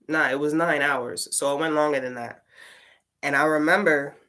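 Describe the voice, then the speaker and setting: Low-voiced woman telling a rambling story. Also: fairly even intonation, moderate pace, a bit bright. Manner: rambling, full of "like" fillers and swearing. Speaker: tarot reader and poet. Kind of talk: casual storytime monologue.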